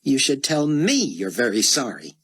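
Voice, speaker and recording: A man voicing a sharp-tongued woman secretary who talks in a sarcastic, sickly sweet sing-song. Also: medium pitch, big pitch swings, normal speed, breathy edge, no room sound, clean studio sound, pitched above the performer's own voice.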